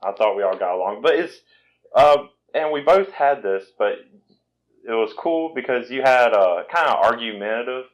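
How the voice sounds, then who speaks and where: A man's voice: medium pitch, expressive, moderate pace, low-quality recording. Rambling Southern-accented young man. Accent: Southern American. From Virginia. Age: 20s. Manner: rambling, self-deprecating, frequent restarts. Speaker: podcast host. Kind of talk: casual chat.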